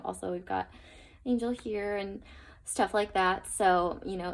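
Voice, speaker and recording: A woman's voice: medium pitch, creaky, fairly bright tone. A young woman giving a casual tarot reading to her viewers, chatty and earnest, with plenty of fillers and trailing asides. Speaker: tarot reader.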